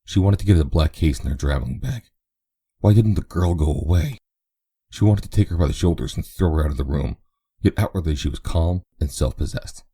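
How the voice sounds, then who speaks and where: A man narrating a novel as an audiobook in a steady, even reading. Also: a bass voice, brisk, breathy edge. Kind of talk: scripted narration.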